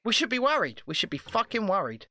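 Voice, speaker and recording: A man's voice: high voice, wildly swooping pitch, fast, pushed and bright, no echo. A man co-hosting a podcast, ranting and swearing in casual political chat, often repeating himself. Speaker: podcast co-host.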